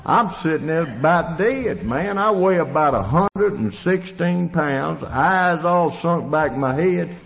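A man's voice: fairly high pitch, lively intonation, unhurried, vocal fry, few pauses, fairly bright tone. A man with a Tennessee Southern accent telling his recovery story in a plainspoken, folksy way. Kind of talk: storytelling testimony. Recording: dull lo-fi recording in a reverberant hall.

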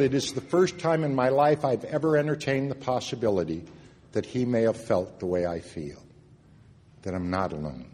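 A man sharing a personal recovery story at a meeting, earnest, moving between loud and hushed moments. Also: medium pitch, normal speed, slight background noise. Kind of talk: personal testimony talk. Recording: long reverb of a hall.

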